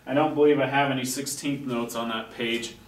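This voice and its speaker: A man's voice: medium pitch, steady tone, brisk. A man teaching a music class, patiently explaining and chanting rhythm syllables at a chalkboard. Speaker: music instructor. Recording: echoey classroom, distant mic, faint noise.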